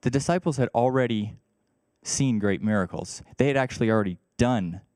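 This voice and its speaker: A man's voice: mid-range voice, a little fast, a little mellow, no echo, studio quality. A man preaching a sermon to a church, talking in a conversational way and reading scripture aloud. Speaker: pastor. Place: church service.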